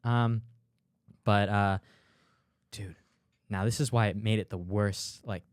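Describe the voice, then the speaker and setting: Casual young man, low voice, dry sound. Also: slow, clean tone, no room sound. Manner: animated storyteller, acts out dialogue, fillers like "dude". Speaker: podcast co-host. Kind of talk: casual chat.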